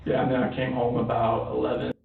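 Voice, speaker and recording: Brief: man under questioning, gravelly voice, hesitant, heard far off through phone-like interview audio. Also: medium pitch, monotone, reverberant. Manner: halting, hesitant answers. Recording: tinny distant archive interview audio with faint noise.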